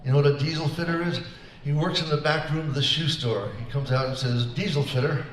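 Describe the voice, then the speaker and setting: Between songs at a senior center show, a man delivers a chain of jokes in a laid-back style, slipping into his characters' voices. His tone is steady, his pitch on the high side, and he talks fairly quickly. There is background noise, and he sounds far off in a reverberant space.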